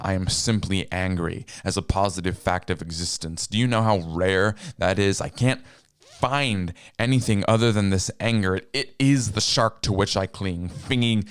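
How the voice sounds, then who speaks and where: A man's voice: low-pitched, clean tone, no room sound. A man voicing a bitter young man who is angry at all of existence and talks in a cold, lecturing way.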